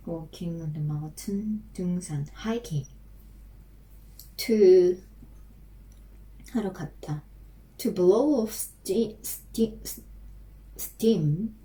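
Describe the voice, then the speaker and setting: A woman with a Korean accent practicing English on her own, haltingly repeating and restarting phrases. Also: fairly low pitch, dark tone, poor audio. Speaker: language learner practicing English. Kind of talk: self-recorded English practice.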